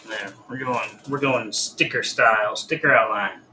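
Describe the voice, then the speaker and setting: A man's voice: lowish voice, normal speed, sharp tone, a little hiss or hum, low-quality recording. A man who is a guest artist on a live drawing stream, talking casually and muttering to himself as he works. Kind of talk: casual chat while drawing.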